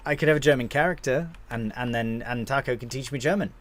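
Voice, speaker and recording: A man's voice: mid-range voice, quick pace. A young man casually commentating his gameplay on a live stream, chatting to viewers and swearing now and then.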